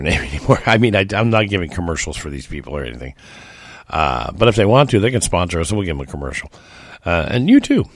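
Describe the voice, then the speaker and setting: A middle-aged man from the United States rambles through a folksy story as a talk host, restarting sentences as he goes. His voice sits very low, and the recording is dry and close. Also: dry recording. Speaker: podcast host. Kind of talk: casual storytelling monologue.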